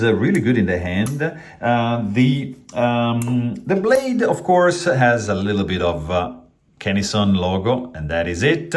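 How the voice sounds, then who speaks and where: A man casually reviewing a pocketknife, rambling with many fillers and restarts while handling the knife as he talks. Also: fairly low pitch.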